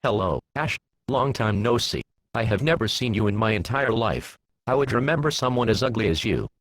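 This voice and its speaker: A man's voice: fairly low pitch, expressive, normal speed, no room sound. A mocking changeling queen, as a man reads her. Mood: taunting. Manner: taunting, mocking. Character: cruel female insect-like changeling queen. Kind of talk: fan fiction reading.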